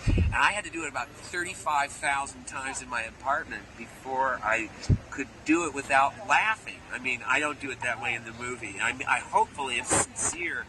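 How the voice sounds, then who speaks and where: A man in an animated interview, telling playful stories and slipping briefly into character voices, recorded outdoors near traffic. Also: medium pitch, normal speed. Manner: playful storyteller who slips into character voices. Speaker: actor interviewee. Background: street and car noise.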